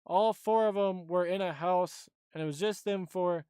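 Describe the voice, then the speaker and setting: High-voiced, blunt casual streamer man. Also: normal speed, warm tone, clear, resonant tone, no echo, clean studio sound. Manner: offhand, blunt, rambling. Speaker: streamer host. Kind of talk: casual live-stream chat.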